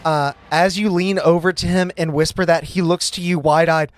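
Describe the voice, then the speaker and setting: A man's voice: on the high side, fairly even intonation, normal speed, few pauses, no room sound. A man running a tabletop game as dungeon master, narrating the scene and sorting out rules with his players.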